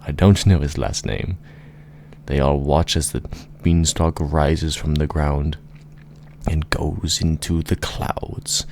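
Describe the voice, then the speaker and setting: A man's voice: rumbling low, creaky, darkish tone, a little hiss or hum. A man narrating an improvised comic fantasy story with rambling, laughing asides.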